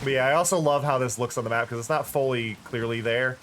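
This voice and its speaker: A man's voice: mid-range voice, steady tone, fast. Tired man rambling over rain noise. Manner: rambling, thinks aloud with restarts. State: tired, yawning. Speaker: streamer. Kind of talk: casual gameplay commentary.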